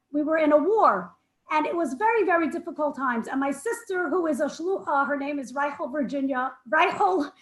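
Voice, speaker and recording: A woman telling a personal story at a women's gathering over a video call, emotional and halting, restarting her sentences. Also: sits high, a bit bright, reverberant, rough recording. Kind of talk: heartfelt storytelling.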